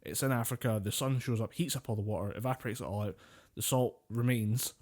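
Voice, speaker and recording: A man's voice: mid-range voice, fast talker, darkish tone. A man co-hosting a podcast, telling stories in loose, casual chat. He rambles, swears freely and often breaks into laughter. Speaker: podcast co-host.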